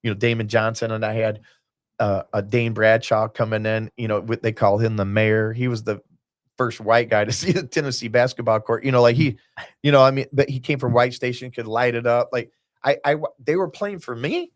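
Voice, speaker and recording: A man's voice: medium pitch, fairly even intonation, a little fast, no room sound, studio quality. A man in a casual podcast chat who rambles from tangent to tangent, acting out what people said. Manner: rambling storyteller, jumps between tangents, acts out quotes. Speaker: guest, basketball team owner.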